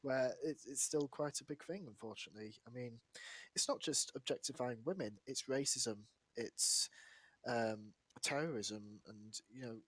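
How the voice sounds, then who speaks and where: A man's voice: medium pitch, moderate pace, fairly bright tone, husky, dry recording. A man hosting a casual podcast, teasing his guest and telling corny jokes. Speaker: podcast host.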